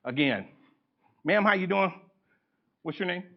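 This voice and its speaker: A man presenting a live workshop to an audience in a conference room. He is animated, acts out the people he quotes, and laughs often. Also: sits high, unhurried. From United States. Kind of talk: live seminar lecture. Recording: dull lo-fi event recording.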